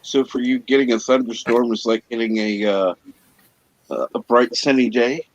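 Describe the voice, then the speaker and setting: A man's voice: mid-range voice, fairly even intonation, normal speed. A man hosting a casual panel chat, teasing the others dryly. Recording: dull, dry lo-fi line.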